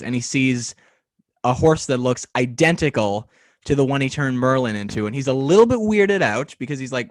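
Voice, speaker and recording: A man's voice: medium pitch, moderate pace, no echo. A man hosting a podcast interview over a video call, telling stories in a rambling way with lots of ums and small laughs. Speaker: podcast host. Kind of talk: casual interview chat.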